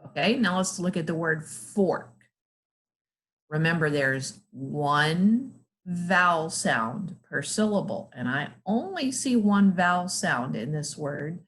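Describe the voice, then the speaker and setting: A woman teaching a phonics lesson to young children, sounding out letters and words slowly and praising often. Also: on the low side, lively intonation, fairly bright tone.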